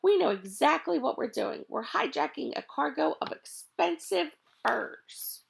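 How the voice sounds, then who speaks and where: A woman's voice: sits high, expressive, measured pace, creaky, voice pushed up, heavily acted. A woman playing a polite, bossy male thief. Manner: mock-formal and bossy. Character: polite, blustering male hijacker.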